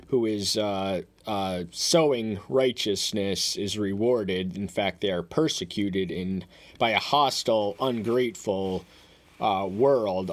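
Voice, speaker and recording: A man with a fairly low voice teaches through a passage of scripture, one verse at a time. His talk is halting and full of fillers and restarts. When he quotes a verse he lifts his voice and reads it out more loudly. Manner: reads verses aloud in a raised voice. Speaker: Bible teacher. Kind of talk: verse-by-verse Bible commentary.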